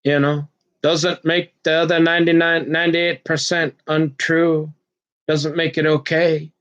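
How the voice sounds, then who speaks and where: Speaking unhurriedly in a slightly high, somewhat bright voice with little pitch movement, a man rambles through an earnest, agitated personal monologue on dull audio. He leaps between subjects, stumbles on words, and keeps restarting.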